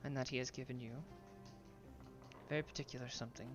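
A woman voicing a guarded, secretive man met in a tavern, speaking in a measured, deliberate way. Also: a bass voice, fairly even intonation, dull audio, music in the background.

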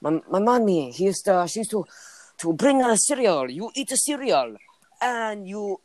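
A man imitating a friend's strict mother in broken English, raising his pitch. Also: big pitch swings, moderate pace, a bit bright, dry recording, full character voice. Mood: scolding.

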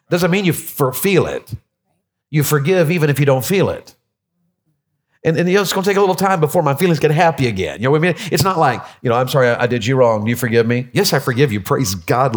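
A man preaching a sermon as pastor, animated and jokey, with many restarts. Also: mid-range voice.

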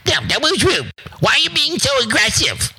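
A man's voice: very high voice, very animated, normal speed, vocal fry, bright, forceful tone, husky, voice pushed up, exaggerated voice. A man mockingly putting on the voice of a nagging mother scolding a boy.

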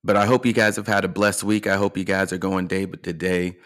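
A man's voice: low voice, flat delivery, fairly quick, fairly bright tone. A man hosting a motivational coaching podcast, speaking earnestly and encouragingly, often checking in with the listener. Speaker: life and fitness coach, podcast host.

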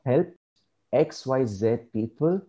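A man speaking as an interview guest, earnest and measured, giving reflective advice. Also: medium pitch, animated, mellow, dull audio.

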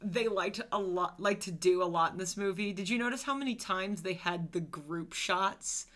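A woman co-hosting a casual movie podcast, chatty and animated, who laughs often. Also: mid-range voice, moderate pace. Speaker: podcast co-host.

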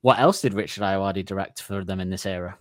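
A man's voice: low voice, fairly quick, no echo, clean studio sound. Chatty English man hosting a quiz. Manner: chatty, laughs often, teasing. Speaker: podcast host running a quiz. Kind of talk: casual quiz chat.

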